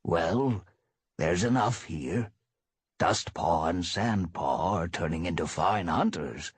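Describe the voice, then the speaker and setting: A man voicing an impatient, gossipy old tom cat elder, pitched a little above his own voice. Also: slow pace, husky, no room sound, heavily acted. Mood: testy. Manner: testy and gossipy.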